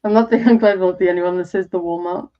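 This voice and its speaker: A woman's voice: on the low side, steady tone, fast, lo-fi sound. A woman co-hosting a reading livestream, giggling, chatting loosely and swearing casually. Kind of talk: casual chat.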